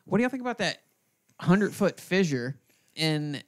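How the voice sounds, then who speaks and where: A man's voice: on the high side, sing-song, moderate pace. A man hosting a podcast, chatting in loose, joking, profane banter. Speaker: podcast host. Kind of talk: casual podcast chat.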